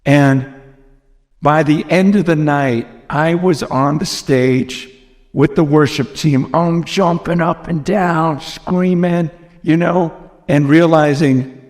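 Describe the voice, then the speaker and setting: A man's voice: a little high, takes it slowly, darkish tone. An American man preaching a sermon, earnest and emphatic, often repeating phrases, recorded in a large church hall. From United States. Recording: long reverb from a large hall.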